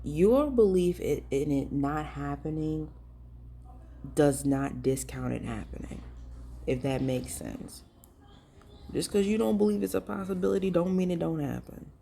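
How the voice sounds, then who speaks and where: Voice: mid-range voice, lively intonation, unhurried, creaky, mellow, a little hiss or hum. A ministry vlogger giving earnest, emphatic commentary and talking straight to viewers in a casual, pleading way. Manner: casual and direct, addressing viewers as y'all. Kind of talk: preachy vlog commentary.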